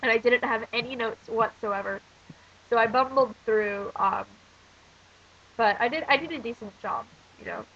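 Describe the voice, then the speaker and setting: A girl in her teens, an American exchange student who is sick with a cough and blocked nose, rambles through a casual vlog, ranting and filling it with fillers. Her voice runs on the high side and a bit bright, at a moderate pace. The recording is dull and lo-fi.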